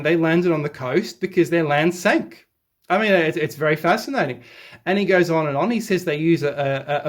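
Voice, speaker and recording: A man reading an article aloud and rebutting it as a history commentator, excitable and sarcastic, with sudden jumps in pitch when he stresses a point.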